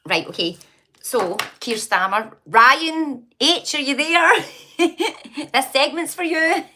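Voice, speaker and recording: Slow, bright, and forceful, a Scottish woman's high voice has lively intonation as she hosts a casual livestream. She reads comments, gossips, greets people by name, and laughs frequently.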